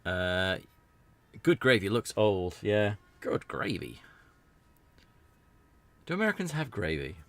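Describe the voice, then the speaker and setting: A man's voice: lowish voice, very animated, takes it slowly, vocal fry, long pauses. A British man giving rambling, jokey commentary while playing a video game. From Britain. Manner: rambling, chatty, jokey asides. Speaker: let's play streamer. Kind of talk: casual gameplay commentary.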